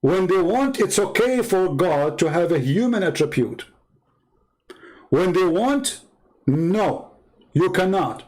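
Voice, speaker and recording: High-pitched guy ranting on his stream, broken english, pushy. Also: animated, slow pace, long pauses, a little mellow, low-quality recording. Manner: emphatic, broken English grammar. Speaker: live-stream host. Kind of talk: polemical debate talk.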